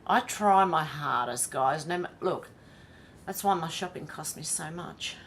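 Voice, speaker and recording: A woman's voice: low voice, unhurried, fairly bright tone, slight background noise. Chatty Australian woman livestreaming. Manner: chatty, reads comments aloud and reacts with laughs. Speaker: livestream host. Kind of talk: casual livestream commentary.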